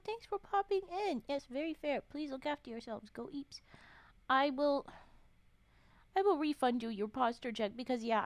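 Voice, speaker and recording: Woman streamer, storytime reader, a touch high, chatty asides between read lines, dry close sound. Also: dry recording. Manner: chatty, swears and laughs, interrupts the reading with comments. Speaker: streamer reading folktales. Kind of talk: casual storytime stream with reading aloud.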